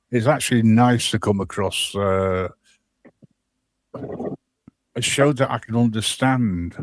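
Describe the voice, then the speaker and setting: A man's voice: lowish voice, dry recording. A man from the Wirral with a Wirral English accent, chatting casually on a stream with a wry, self-deprecating manner. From England, the Wirral. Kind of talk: casual chat.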